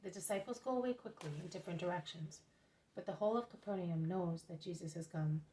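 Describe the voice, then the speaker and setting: Woman, audiobook narration, steady measured reading, low pitch, mellow tone. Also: a little hiss or hum, low-quality recording. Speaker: reader. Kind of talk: audiobook narration of a religious book.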